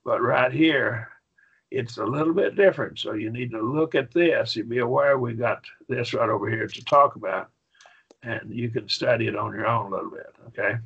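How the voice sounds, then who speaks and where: A man lecturing a Bible Greek class, folksy and patient, checking in with his students as he goes. His voice is gravelly and a little husky. The recording sounds dull and lo-fi. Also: medium pitch, fairly bright tone. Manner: folksy, repeats "okay?", slows down to stress points.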